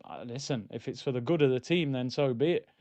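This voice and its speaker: A man hosting a live football watchalong, ranting and bantering and shouting when goals go in. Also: medium pitch, brisk, no room sound, lo-fi sound. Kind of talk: live match watchalong commentary.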